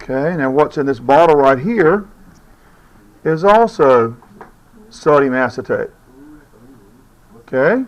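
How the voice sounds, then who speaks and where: A man's voice: fairly high pitch, lively intonation, takes it slowly, pauses often, poor audio. A man teaching a chemistry demonstration in a classroom, firm and shushing his chattering students. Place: school classroom.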